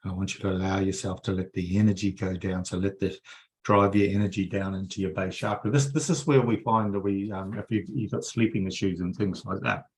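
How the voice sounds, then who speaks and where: A man leading a guided energy-healing meditation for a group, coaxing softly and repeating himself, with many fillers. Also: deep voice, steady tone, fairly quick.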